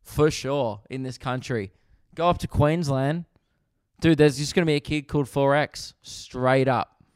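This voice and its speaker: Australian man, comedy podcast host, profane exasperated ranting, smooth resonant voice, dry sound. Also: mid-range voice, dry recording.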